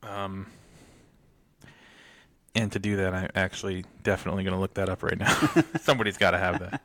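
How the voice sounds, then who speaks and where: Low-voiced chuckling podcast guy. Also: fairly even intonation, a little fast, pauses often, a bit bright, dry recording. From United States. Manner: rambling, chuckling often between thoughts. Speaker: podcast co-host. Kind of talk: casual chat.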